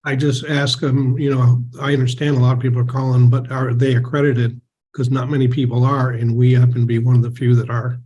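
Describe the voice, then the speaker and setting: A man on a group video call who speaks calmly, briefly and to the point. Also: mid-range voice, fairly quick, husky, highs cut off. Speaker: call participant. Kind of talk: casual group discussion.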